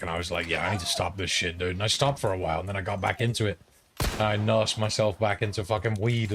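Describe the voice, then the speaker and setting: A streamer talks in a low, rambling voice, swearing freely as he tells a story between game moments. A clear bed of background noise runs under his home streaming mic. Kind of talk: casual chat while gaming.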